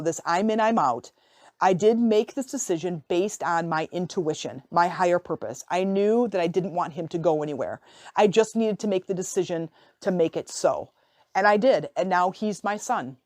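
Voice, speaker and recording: A woman hosting a podcast, telling a personal story in a lively, expressive, conversational way, with sudden excited rises in her voice. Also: lowish voice, no room sound, studio quality. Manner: conversational with fillers and restarts. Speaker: podcast host and life coach.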